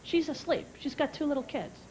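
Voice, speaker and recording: A woman in her thirties doing a stand-up routine, animated and breaking into shrill character voices and sung jingles. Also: a little fast, low-quality recording. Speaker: stand-up comedian. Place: stage before a live audience. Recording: live show with loud audience and crowd noise. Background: audience laughter.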